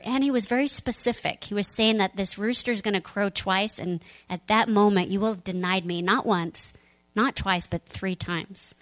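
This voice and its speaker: A woman pastor giving a sermon, retelling a story in a conversational, animated way. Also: mid-range voice, normal speed, rough recording.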